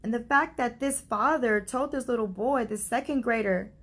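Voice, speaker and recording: A woman's voice: on the high side, normal speed, fairly bright tone. A woman vlogging a heartfelt personal story in a casual, chatty way, using many fillers. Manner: chatty, uses many fillers like "like" and "you know"; heartfelt and earnest. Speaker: grieving mother vlogger.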